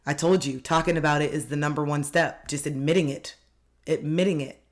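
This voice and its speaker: A life coach giving a self-help video talk, earnest and reassuring, repeating gentle affirmations and speaking straight to viewers. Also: medium pitch, fairly even intonation, brisk. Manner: speaks directly to viewers, coaxing them to open up.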